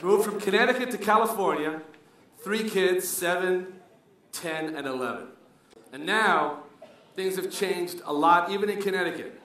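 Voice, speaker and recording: A middle-aged man from Colombia performs a stand-up set in an animated style, weaving Spanish into English. His voice sits fairly high for a man. The recording is heavily echoey and distant, with a crowd audible throughout. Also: moderate pace, background noise. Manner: animated, switches between English and Spanish, acts out characters. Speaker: stand-up comedian. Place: comedy club stage with live audience.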